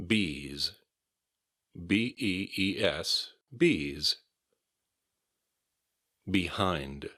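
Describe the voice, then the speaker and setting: Slow, deep-voiced American man teaching. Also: a bit bright. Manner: repeats words deliberately and spells them letter by letter. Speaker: English pronunciation teacher. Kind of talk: slow, careful pronunciation drills.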